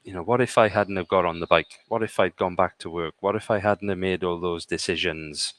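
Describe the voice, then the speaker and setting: Deep-voiced British man telling stories. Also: steady tone, a little fast, a bit bright, no room sound. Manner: punctuates points with "okay?". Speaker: guest speaker. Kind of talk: conversational storytelling. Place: live online conversation.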